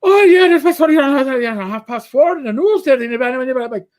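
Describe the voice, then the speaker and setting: A breathless older Irish mother rattles on at speed, hard to follow, as a man puts her on in a high, strained voice. Her ramble runs on without pause. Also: animated. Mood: excited chatter. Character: chattering older Irish mother, rapid and excited.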